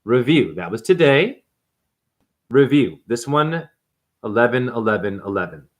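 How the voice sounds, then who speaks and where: A man's voice: medium pitch, sing-song, a little slow. A man hosting a numerology video, ranting to camera in a confrontational, preachy way and calling viewers honey. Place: apartment.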